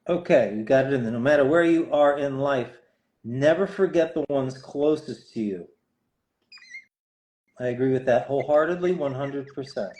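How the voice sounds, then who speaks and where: A man's voice: mid-range voice, normal speed, mellow. A middle-aged man chatting casually and jokingly while signing autographs on a live stream. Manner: playful, jokey, chatty while writing.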